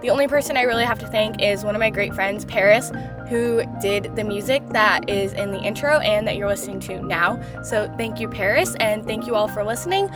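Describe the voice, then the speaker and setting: A young woman hosting her own podcast, talking through a book in an excitable, chatty way, full of "like" and casual swearing. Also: mid-range voice, a little fast, over music. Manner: excitable, swears freely, lots of "like". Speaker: podcast host. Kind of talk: casual solo book review.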